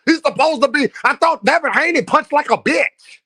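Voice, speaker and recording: Loud-mouthed guy ranting on his stream, high voice all over the place, cussing and clowning people. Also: animated, normal speed, dry recording, studio quality. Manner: brash, profane, mocking, teasing. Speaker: boxing livestream host. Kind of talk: heated livestream rant at viewers.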